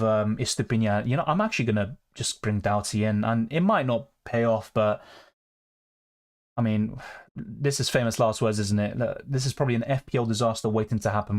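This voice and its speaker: A young man chatting casually on a live stream, answering viewer questions in a relaxed, conversational way. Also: medium pitch. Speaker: fantasy football streamer.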